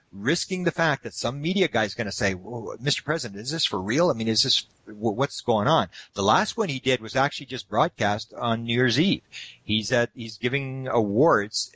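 A man telling anecdotes in a casual interview, animated and acting out the quotes. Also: medium pitch, breathy edge, no echo. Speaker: guest speaker on UFO topics.

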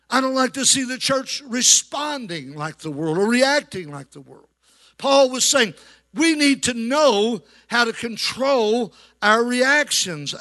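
In church, a male pastor with a very high, pushed and bright voice delivers his sermon. He draws the congregation into call-and-response by calling out for amens.

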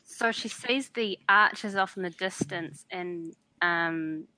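A woman playing a tabletop game, deliberately describing her character's spell. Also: lowish voice, sharp tone, dry recording, low-quality recording. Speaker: player. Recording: dry, close sound.

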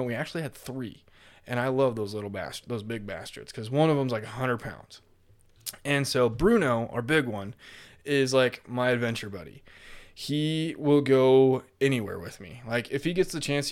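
A young adult man hosting his own podcast from a home office, talking in a rambling, casual way with plenty of fillers and easy swearing. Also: medium pitch. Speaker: podcast host. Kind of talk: casual solo podcast monologue.

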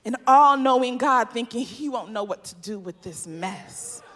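High, bright-voiced woman preaching. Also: animated, measured pace. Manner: builds to impassioned, shouted cadences with repeated refrains. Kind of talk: sermon.

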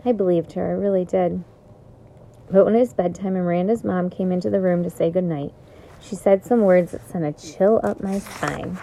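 A woman's voice: lowish voice, moderate pace, creaky, dark tone, slight background noise, poor audio. A woman reading a children's chapter book aloud, telling the story expressively in the first person. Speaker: reader.

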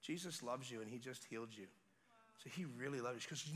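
A man preaching at a revival service, telling a story with swings between hushed quiet and loud excitement. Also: medium pitch, brisk. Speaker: guest preacher. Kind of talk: sermon testimony. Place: church service.

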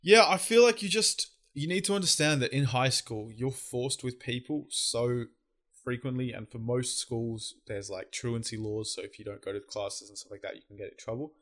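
A man's voice: medium pitch, normal speed, fairly bright tone. A young Australian man co-hosting a casual chat, swearing freely and explaining things at length. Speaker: podcast co-host.

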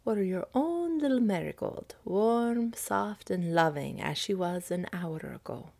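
A woman voicing a smiling, mysterious male stranger in a storybook reading, slow and measured. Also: medium pitch, animated, gravelly, a little mellow. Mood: probing.

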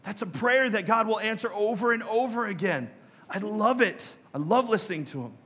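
A man's voice: high-pitched, a little fast, fairly bright tone, breathy edge, big-room sound. A man preaching a sermon as a pastor, casual and joking, who acts out other people's prayers in mock voices.

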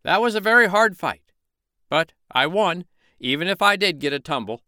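A man voicing a boastful, strutting male rooster in a storybook reading, bragging loudly and pompously. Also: high-pitched, expressive, normal speed, no echo, clean studio sound, voice pushed up, exaggerated voice.

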